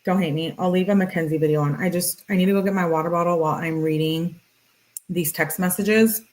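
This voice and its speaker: Low-voiced woman reading texts aloud. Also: steady tone, brisk, a little mellow, poor audio. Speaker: true-crime video host. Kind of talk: reading text messages aloud with casual asides.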